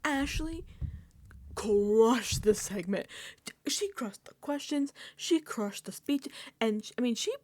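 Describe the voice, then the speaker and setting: A woman talking through a TV recap with an animated, emphatic delivery and a fairly high voice. She swears casually and now and then drops into a hushed, whispered aside. The sound is close and dry, with no room around it. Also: takes it slowly, no echo. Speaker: reality TV recap host.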